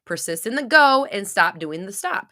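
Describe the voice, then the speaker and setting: During a casual livestream, a woman answers chat questions with blunt advice, swearing, restarting sentences and drifting into rambling asides. Her medium-pitched voice is sharp and very animated, at a moderate pace.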